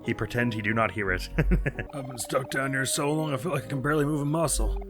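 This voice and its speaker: A man's voice: mid-range voice, quick pace, over music. A man commenting casually on a video game as a let's play host, laughing often and reading the game text aloud.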